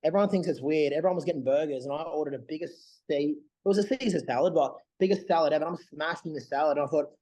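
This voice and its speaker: A man co-hosting a casual podcast chat, an animated storyteller who acts out what people said. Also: a little high, fast, hardly any pauses, poor audio. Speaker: bodybuilder and podcast co-host.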